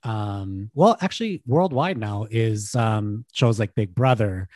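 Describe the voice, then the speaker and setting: A man's voice: lowish voice, expressive, slow, a little mellow, no echo. A man in his thirties chats casually as a podcast co-host, full of enthusiasm and peppered with "like". His voice is recorded dry and close, with no room sound. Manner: chatty, filler-heavy, enthusiastic. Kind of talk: casual chat.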